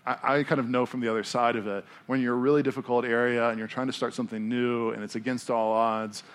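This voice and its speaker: An American man preaches in a loose, chatty way, as if talking with friends. He tells stories from the pulpit with plenty of fillers and restarts, at a middle pitch. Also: quick pace, smooth. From United States. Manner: animated storytelling with many fillers. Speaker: pastor. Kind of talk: casual conversational sermon. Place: church in Denver.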